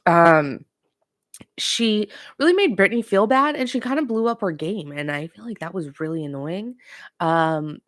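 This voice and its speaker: A woman's voice: medium pitch, expressive, unhurried, long pauses, a bit bright, no room sound, studio quality. A woman hosting a pop culture show, giving a casual, opinionated recap straight to her viewers. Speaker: pop culture podcast host.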